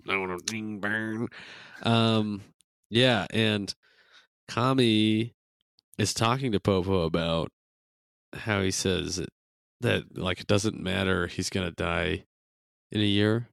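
A young man in laid-back podcast chat, with a low, smooth and resonant voice. He laughs often and swears casually. The recording is close and dry. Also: slow, long pauses, a bit bright, dry recording. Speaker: podcast co-host.

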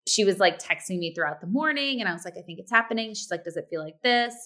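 A woman in her thirties, a podcast co-host chatting casually and acting out quoted lines with sudden pitch jumps. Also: lively intonation, fast, bright, forceful tone. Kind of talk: casual chat.

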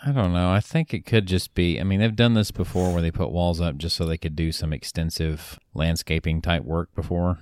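A man's voice: sits low, fairly even intonation, brisk, few pauses, a little mellow, clean tone. A man co-hosting a casual podcast, talking in an easygoing, hedging way and often correcting himself. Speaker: podcast co-host. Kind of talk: casual chat.

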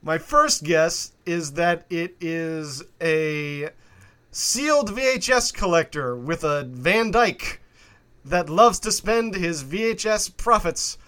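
A man co-hosting a comedy podcast about monsters, trading playful deadpan jokes in casual banter. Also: fairly high pitch, slow. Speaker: co-host.

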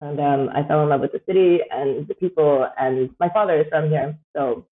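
A woman's voice: deep voice, a little fast. A Canadian woman in her thirties, a podcast guest chatting casually in a rambling way, with plenty of fillers and frequent laughter. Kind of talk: casual chat. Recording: tinny phone-like line.

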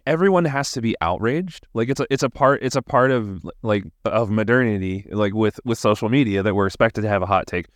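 A man's voice: fairly low pitch, brisk, hardly any pauses, no room sound, clean studio sound. A man hosting a podcast in casual conversation, starting and restarting his sentences. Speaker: podcast host.

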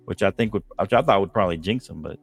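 A man hosting a casual sports talk show, relaxed and full of fillers, laughing easily. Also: deep voice, fast talker, vocal fry, music in the background. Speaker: host.

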